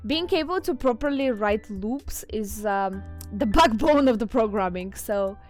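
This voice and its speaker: A woman's voice: fairly high pitch, animated, unhurried, darkish tone. A woman streamer with a non-native English accent, chatting casually with her viewers, giggling often as she reads chat. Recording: faint music behind.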